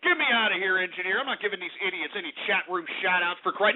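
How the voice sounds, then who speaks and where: A man hosting a talk radio show, delivering an exasperated, swearing rant with frequent shouting. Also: high voice, animated, fast talker, hardly any pauses. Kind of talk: angry on-air rant. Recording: narrow phone-like radio audio.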